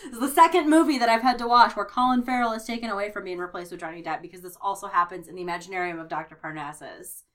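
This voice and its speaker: A woman co-hosting a casual movie podcast, animated and laughing often as she mimics characters. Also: mid-range voice, very fast, hardly any pauses. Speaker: podcast co-host.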